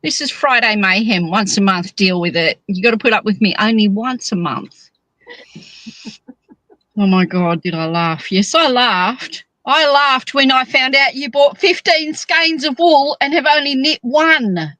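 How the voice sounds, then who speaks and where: High-voiced, teasing woman. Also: a little slow, no room sound, poor audio. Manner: teasing, chatty, animated. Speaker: monthly guest co-host. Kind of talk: casual podcast chat.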